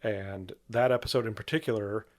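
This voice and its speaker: Man, low voice, podcast co-host, casual chat, easygoing, many ums and uhs. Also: fairly even intonation, brisk. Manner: easygoing, hesitant with many fillers.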